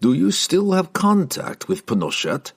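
A man's voice: deep voice, big pitch swings, unhurried, heavily acted. A man doing a sly, menacing guildmaster. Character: scheming male guildmaster, cold and possessive.

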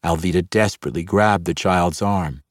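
Male narrator, low voice, dry close sound, measured audiobook read. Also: no room sound.

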